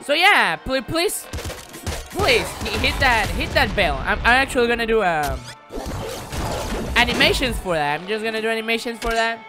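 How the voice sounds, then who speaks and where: A man's voice: extremely high pitch, animated, normal speed. A man chatting on a live stream while gaming, rambling, stuttering and swearing. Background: game music.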